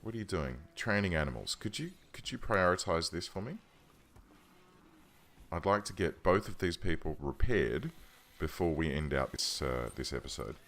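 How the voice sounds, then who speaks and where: Low-voiced, lively gaming commentator man. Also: moderate pace. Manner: chatty, thinking aloud, self-correcting. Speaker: let's play host. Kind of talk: casual game commentary. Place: home room.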